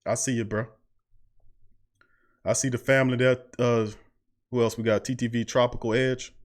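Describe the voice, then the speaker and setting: A man's voice: mid-range voice, fairly even intonation, moderate pace, pauses often. A man hosting a sports podcast at his mic, preaching his points and repeating phrases for emphasis. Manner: preachy, repeats phrases, heavy Southern US slang. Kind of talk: fired-up sports talk. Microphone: studio mic.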